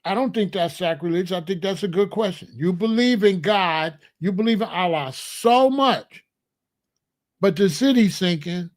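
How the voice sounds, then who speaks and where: A man's voice: sits high, moderate pace. A man hosting a comedic monologue, preachy and full of rhetorical questions. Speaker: comedian host.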